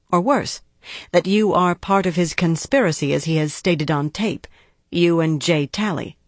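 A woman reading the lines of a cautious female prosecutor in an audiobook, deliberate and precise. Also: fairly low pitch, no echo, lightly acted. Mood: probing. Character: guarded, measured female prosecutor, middle-aged.

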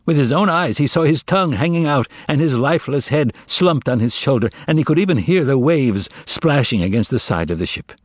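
A man narrating an audiobook with an expressive reading. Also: mid-range voice, fairly quick, hardly any pauses, no room sound, clean studio sound.

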